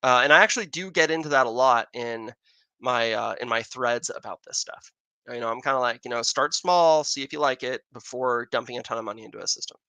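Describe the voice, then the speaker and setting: A man's voice: medium pitch, fairly quick, pushed and bright, clean tone, no echo. An American man hosting a casual astronomy livestream, rambling as he answers viewer questions. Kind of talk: casual live-stream chat. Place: outdoors in Arizona with a telescope.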